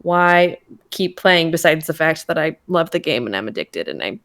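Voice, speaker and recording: A woman's voice: low-pitched, very animated, moderate pace, fairly bright tone. A young woman, a streamer and guest on a podcast, chatting casually with lots of filler words. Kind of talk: casual chat.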